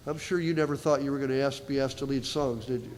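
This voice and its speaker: A man's voice: medium pitch, steady tone, fast, darkish tone, a little hiss or hum. A male pastor preaching a sermon in a church, in a conversational style with frequent "right?" asides to the congregation. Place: church sanctuary. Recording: long reverb of a large hall.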